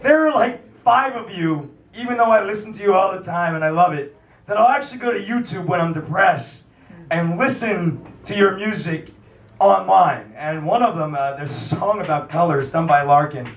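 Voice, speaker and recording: A high-voiced male host who rambles through a profane, filler-heavy comedy rant before introducing acts. He is picked up from a distance in an echoey little cafe room. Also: expressive, moderate pace. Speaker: festival host and MC. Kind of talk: stand-up rant and act introduction. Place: small cafe music venue. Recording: roomy live room, mic from afar.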